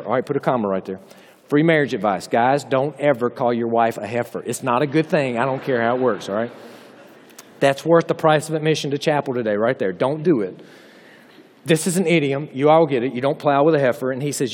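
A man's voice: mid-range voice, expressive, fairly quick. A man with a Southern US accent preaching a humorous chapel sermon, folksy and full of joking asides to the audience. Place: chapel hall. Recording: long hall reverb.

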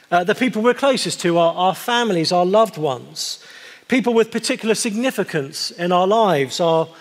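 A man preaching a sermon in a conversational, wry way, slowing down to stress key words. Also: high voice. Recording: long hall reverb.

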